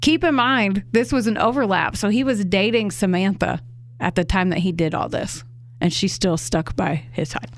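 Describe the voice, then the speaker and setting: A woman's voice: mid-range voice, normal speed. A woman, co-hosting a true crime podcast and recounting a case in a casual, conversational way, with indignant, swearing asides. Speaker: podcast co-host telling a true crime story.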